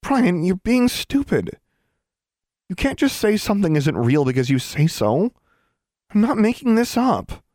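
A man's voice: fairly low pitch, lively intonation, fairly quick, darkish tone, no echo, studio quality, voice pushed up. Man doing a flustered eleven-year-old girl.

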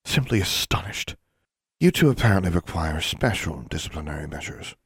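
A man voicing a cold, stern female school dean who speaks in quiet, menacing, clipped commands. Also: sits low, lively intonation, moderate pace, gravelly, breathy edge, no room sound, exaggerated voice.

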